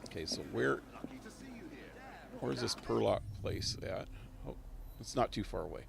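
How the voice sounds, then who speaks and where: A man streaming a game, talking slowly in a gravelly voice as he thinks aloud and rambles. A faint hum of noise sits under him. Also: lowish voice, expressive. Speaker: live-streaming gamer. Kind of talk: live gameplay commentary.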